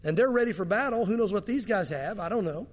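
High-voiced preaching man. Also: animated, quick pace, in a large hall. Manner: conversational preaching with asides. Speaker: pastor. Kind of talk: sermon.

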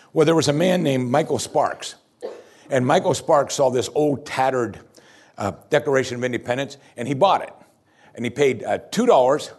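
Guy preaching a sermon, kinda husky, gets loud and punchy on the big lines. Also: medium pitch. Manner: emphatic, rising to loud repeated exclamations. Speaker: pastor.

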